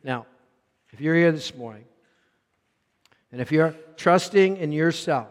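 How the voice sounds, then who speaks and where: A man preaching a sermon as pastor, rising to loud emphatic lines and dropping to quiet low asides. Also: measured pace, in a large hall.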